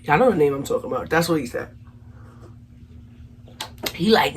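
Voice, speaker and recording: A young woman with a New York accent telling a storytime vlog, animated and acting out the quotes, talking straight to her viewers. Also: low-pitched, brisk, long pauses, a little hiss or hum. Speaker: vlogger.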